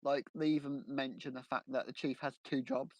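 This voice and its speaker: A man's voice: mid-range voice, steady tone, moderate pace, no echo, low-quality recording. A man co-hosting a podcast, chatting about a film and laughing easily. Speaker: podcast co-host. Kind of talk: casual film discussion.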